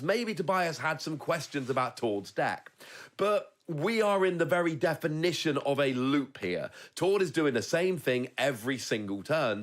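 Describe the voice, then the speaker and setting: A man commentating a competitive card game, calmly explaining each play and the players' options. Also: a little high. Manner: analytical, explains play step by step.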